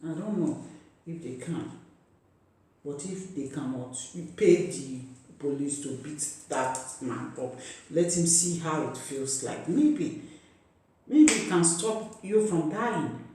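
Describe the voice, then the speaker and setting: A man's voice: fairly high pitch, animated, slow pace, warm tone, slight background noise. A man making an impassioned, pleading appeal to his viewers, repeating himself like a preacher. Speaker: vlogger. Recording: very echoey room, far from the mic.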